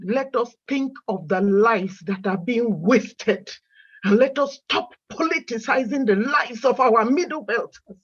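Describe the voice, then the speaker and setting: A high-voiced woman makes an emotional plea on a video call, pressing her listeners with repeated questions. Her voice is breathy and a little husky. The call audio sounds dull and muffled. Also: unhurried. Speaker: caller in an online meeting. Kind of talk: impassioned plea.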